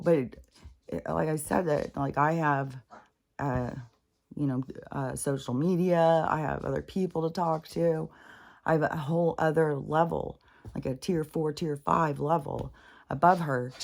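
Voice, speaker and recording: A woman's voice: deep voice, vocal fry, a little mellow. A middle-aged woman at home, talking frankly and rambling in a casual, profane chat for her spiritual vlog. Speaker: spiritual vlogger.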